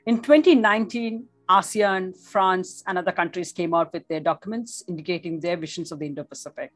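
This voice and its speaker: A woman delivering a formal policy talk in a measured way, now and then restarting a word. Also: on the low side, no room sound. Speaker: policy analyst.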